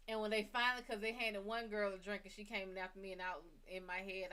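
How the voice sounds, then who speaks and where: A woman who reads for people as a psychic and hosts her own show tells a personal story bluntly and casually, cursing heavily in a lively retelling. Her voice is mid-range, and she talks quickly with few pauses.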